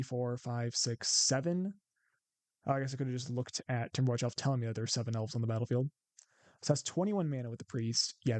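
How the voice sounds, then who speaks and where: A man's voice: medium pitch, a little mellow, clean tone, dry recording. A man with a Midwestern accent casually commentating a card game, thinking aloud and counting out his plays. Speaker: gameplay commentator.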